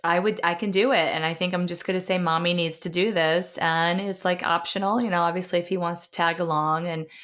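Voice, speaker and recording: A woman's voice: fairly low pitch, fairly even intonation, a little fast, hardly any pauses, a bit bright. A woman in her thirties hosting an interview, chatting casually and laughing easily. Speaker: host.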